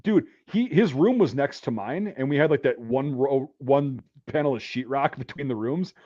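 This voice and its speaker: A man hosting a casual podcast, telling profane army stories in an animated way. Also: mid-range voice, normal speed, dry recording, lo-fi sound. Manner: profane, animated, shouts out quoted rants. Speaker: podcast host. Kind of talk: casual storytelling chat.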